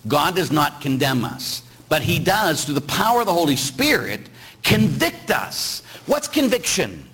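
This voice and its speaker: A man's voice: on the high side, big pitch swings, unhurried, a bit bright, husky, poor audio. A middle-aged man, a priest, preaching a sermon with rhetorical questions and acted-out voices. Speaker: Catholic priest.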